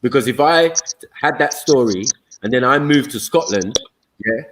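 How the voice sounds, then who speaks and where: A man's voice: mid-range voice, expressive, moderate pace, background noise. Stream host, man, easygoing explainer, mid-range voice. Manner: laid-back, asks "do you get it?". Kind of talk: casual group chat.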